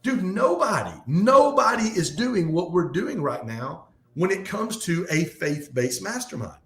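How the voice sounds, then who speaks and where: A man speaking as a guest in a casual podcast conversation, talking in an animated, fast, motivational way. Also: sits high. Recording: echoey room.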